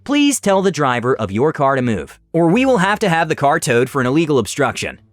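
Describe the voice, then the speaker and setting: A man voicing a calm, polite male petrol station attendant. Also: on the high side, brisk, no echo. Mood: firm. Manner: polite, firm.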